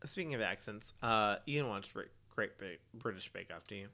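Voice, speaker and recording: A man's voice: fairly low pitch, a little fast, sharp tone, slight background noise. A man hosting a casual true-crime podcast, chatty and joking, with many fillers and restarts. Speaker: podcast host.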